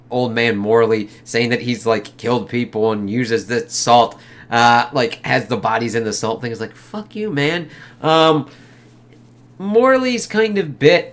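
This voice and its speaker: A man's voice: mid-range voice, fairly bright tone. Profane, rambling man reviewing a movie. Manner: profane, rambling, acts out quotes in exaggerated voices. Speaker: film reviewer. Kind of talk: casual spoken movie review.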